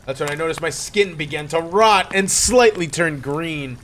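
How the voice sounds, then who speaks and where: A man's voice: on the high side, normal speed, fairly bright tone, a little hiss or hum. A man reading a horror story aloud in a playful, mock-dramatic way. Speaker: creepypasta reader.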